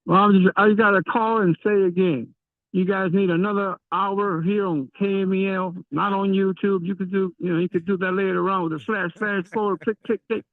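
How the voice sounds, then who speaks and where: A male caller from San Francisco with a high voice speaks over a tinny phone line. He is chatty and enthusiastic. The sound is dry and thin. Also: fairly even intonation, moderate pace, no room sound. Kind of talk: call-in radio talk.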